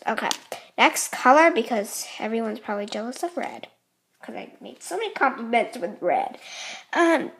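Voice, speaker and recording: A woman's voice: a little high, vocal fry, a little hiss or hum. A woman hosting a casual craft tutorial, chatty and rambling, often apologizing as she explains. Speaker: art tutorial host.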